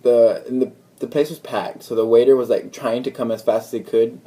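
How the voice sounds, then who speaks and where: A young man vlogging in a relaxed, mellow tone, a warm rather than bright voice. He rambles through a story, leaning on "like" and slipping into quoted dialogue, casual and unscripted. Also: medium pitch, fairly quick. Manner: rambling, chatty retelling full of "like" and quoted dialogue.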